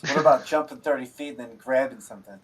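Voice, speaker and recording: Male game master, husky voice, loose and profane, chuckles through his narration of a live tabletop session. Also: medium pitch, fast, rough recording. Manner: casual, laughs often, swears freely. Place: streamed online game session.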